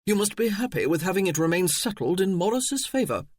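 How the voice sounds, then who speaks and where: A man's voice: on the high side, lively intonation, normal speed, no echo, studio quality. A man voicing a curt, impatient old earl. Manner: curt, dismissive.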